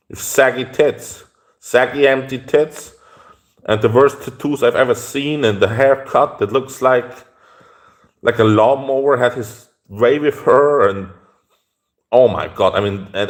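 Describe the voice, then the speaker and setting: Guy ranting through a story, keeps restarting, swears a lot, middle-pitched voice. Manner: rambling, halting restarts, profane outbursts. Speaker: vlogger telling a story. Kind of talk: casual storytelling rant.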